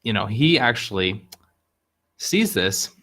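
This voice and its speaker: A man hosting a casual live stream, telling an old fable in a chatty, upbeat way and pausing to explain words as he points at pictures. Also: lowish voice, very animated, bright, forceful tone. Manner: narrates over pictures he points at. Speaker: host telling Chinese fables.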